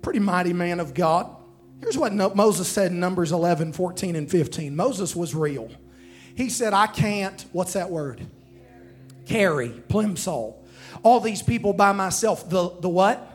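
A man's voice: high-pitched, moderate pace, faint music behind. A man preaching a sermon, calling out to the congregation to repeat after him and quoting scripture. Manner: preaching with call-and-response to the congregation.

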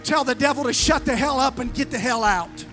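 A woman pastor preaching a fervent sermon, calling on the crowd to answer back, with a sing-song, drawn-out phrasing. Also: sits high, music in the background. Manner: emphatic preaching with call-and-response.

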